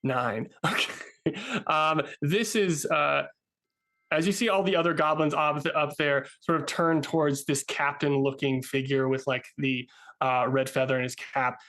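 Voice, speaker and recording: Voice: medium pitch, steady tone, unhurried, a bit bright. A game master narrating a tabletop game casually, with lots of fillers and laughs. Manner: casual, filler-heavy, giggly.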